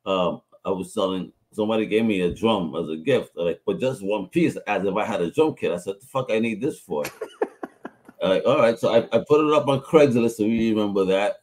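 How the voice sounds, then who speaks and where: A male podcast host who chats in a relaxed, slangy way and swears freely. He launches into anecdotes in a familiar, unpolished tone, like talking to an old friend. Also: lowish voice, a little fast. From Puerto Rico. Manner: loose and profane, slangy storyteller. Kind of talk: casual chat.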